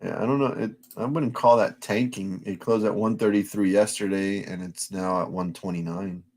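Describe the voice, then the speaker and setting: A man's voice: on the low side, fairly even intonation, moderate pace. A man hosting a live stream in loose, profane, rambling casual chat, restarting his sentences often.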